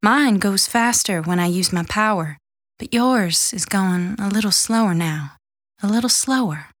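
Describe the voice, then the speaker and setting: A woman voicing a teenage girl with eerie powers, speaking softly and menacingly in a dry, close reading. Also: medium pitch, unhurried, no echo, close to an everyday voice. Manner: soft and quietly menacing.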